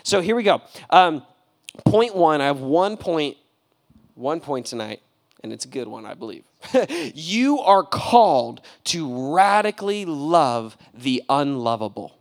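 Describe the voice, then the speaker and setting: Young male pastor, animated and slangy, acts out little scenes, voice a touch high. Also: unhurried, vocal fry. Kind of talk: sermon.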